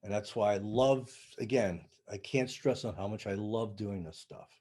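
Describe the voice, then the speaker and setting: An older man with a mellow, warm tone, chatting casually as a podcast guest. He tells his story in a lively way, acting out each side of the conversation. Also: on the low side, normal speed. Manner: animated storyteller, acts out dialogue. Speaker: sound healing practitioner, podcast guest.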